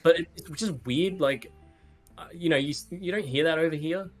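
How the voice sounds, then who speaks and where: A man's voice: fairly high pitch, fairly quick. Brief: easygoing Australian male co-host who rambles with fillers, faint music underneath. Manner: laid-back and rambling, with fillers and swearing. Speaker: podcast co-host. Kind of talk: casual podcast chat.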